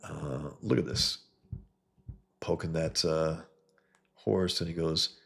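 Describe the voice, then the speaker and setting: Male comics host, very low gravelly voice, eager and rambling, casual stream talk. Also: steady tone, slow, pauses often. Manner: enthusiastic, repeats himself, restarts often.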